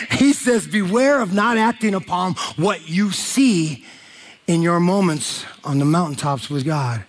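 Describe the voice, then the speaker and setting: A man preaching a sermon, animated and joking with the congregation in a church hall. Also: high voice, a little slow. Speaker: pastor.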